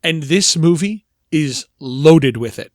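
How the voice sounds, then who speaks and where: Male podcast co-host, slightly high-pitched, animated and digressive, dry studio sound. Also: slow, no echo. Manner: animated, rambling, emphatic with restarts. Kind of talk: casual film discussion.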